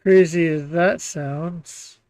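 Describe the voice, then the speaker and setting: A man with a notably high voice hosts a relaxed live stream, laughing often and reading out viewer comments. He speaks slowly and unhurriedly. The sound is dry and close, with no room around it. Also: dry recording. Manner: laughs often, reads chat messages aloud. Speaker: comic artist and stream host. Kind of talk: casual live-stream chat.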